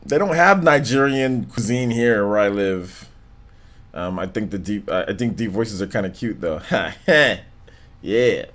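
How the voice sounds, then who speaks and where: A man hosting a live stream, chatting casually with viewers in a low, monotone, laid-back way, full of slang and filler words. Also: a little slow. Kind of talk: casual stream chat, reading donations and comments.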